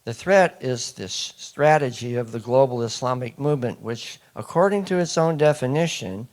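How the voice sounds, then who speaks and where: A man's voice: medium pitch, lively intonation, normal speed, hardly any pauses. A man giving a public lecture, emphatic and repeating key points, often putting questions to the audience. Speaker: speaker addressing an audience.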